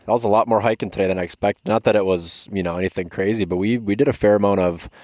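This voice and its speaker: Exhausted deep-voiced male guest. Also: fairly even intonation, fast, a little mellow, no room sound, studio quality. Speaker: podcast guest. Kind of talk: casual chat.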